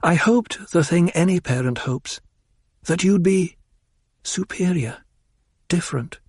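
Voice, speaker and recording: A man putting on a gentle, soothing noble mother. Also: sits high, a little slow, breathy edge, dry recording, clean studio sound, voice pushed up. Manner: soft and soothing.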